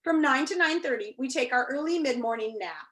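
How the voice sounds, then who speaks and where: A woman reading aloud puts on a crowd of lazy storybook creatures who live to do nothing. They drawl through their day at an easy pace in a high, bright voice that swings up and down. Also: lively intonation, a little fast. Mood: languid.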